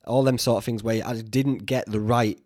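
A man's voice: medium pitch, steady tone, moderate pace, a little mellow, no echo. Male podcast host, casual rambling chat, self-deprecating, mid voice, dry studio sound. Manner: chatty, self-mocking, swears freely.

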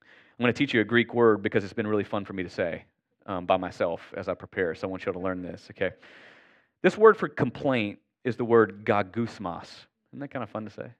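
A man's voice: fairly low pitch, fast, lo-fi sound. A man who is a pastor, preaching a sermon in an earnest, conversational way and often checking in with the congregation.

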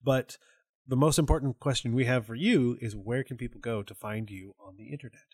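A man's voice: medium pitch, a little fast, a little mellow, husky, no room sound, studio quality. A man co-hosting a podcast, chatting in a wry, thoughtful way. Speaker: podcast co-host. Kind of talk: casual chat.

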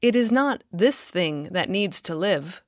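A woman voicing the Lord as a calm, grave male figure in a storybook reading, speaking with steady, gentle authority. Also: mid-range voice, measured pace, dry recording, clean studio sound, close to an everyday voice. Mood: solemn.

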